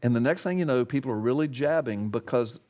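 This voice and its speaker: A man, a pastor, telling his story in an interview with an emphatic, animated manner. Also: mid-range voice, brisk. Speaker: pastor and radio talk guest.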